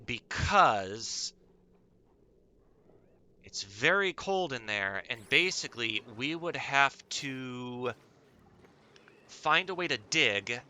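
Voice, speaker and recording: A man's voice: mid-range voice, pushed and bright. A man hosting his own gaming channel, chattily explaining game mechanics in casual commentary and talking straight to his viewers.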